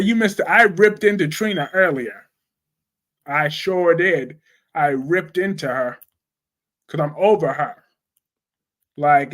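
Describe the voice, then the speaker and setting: Young male host, high-pitched, blunt and animated, casual livestream banter. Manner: blunt, animated, slangy, talks back to chat. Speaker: soap opera commentary livestream host. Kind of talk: casual live chat reading viewer comments.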